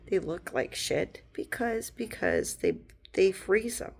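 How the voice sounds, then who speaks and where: A woman's voice: medium pitch, animated, slow pace, creaky, a little mellow, slightly rough. A woman live streamer talking in a casual, rambling stream of thought.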